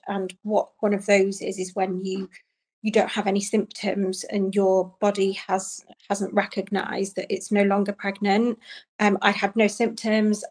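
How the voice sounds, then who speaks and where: A young woman speaks in a flat, narrow-ranged voice, pausing often and restarting her sentences. She tells a personal story as an interview guest, quietly and haltingly. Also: mid-range voice. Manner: soft, halting, with many ums and restarts.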